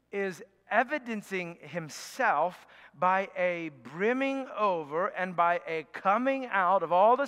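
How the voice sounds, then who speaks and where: High, bright-voiced man preaching in a hall. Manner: conversational teaching with frequent okays and restarts. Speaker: pastor. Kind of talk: sermon. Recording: reverberant hall.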